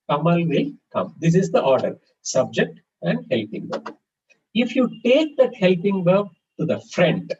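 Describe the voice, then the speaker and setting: A man's voice: on the high side, a little mellow. A man teaching a live grammar class, patiently repeating example sentences. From India. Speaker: English teacher. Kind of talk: live online grammar lesson. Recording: distant, dull-sounding mic with faint background hiss.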